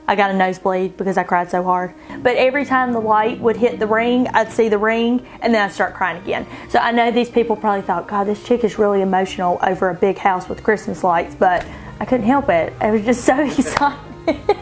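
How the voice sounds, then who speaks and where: A woman being interviewed, telling her own story in an animated way, often laughing and quoting herself in a higher voice. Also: fairly quick, rough recording. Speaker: bride interviewed about her engagement. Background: soft background music.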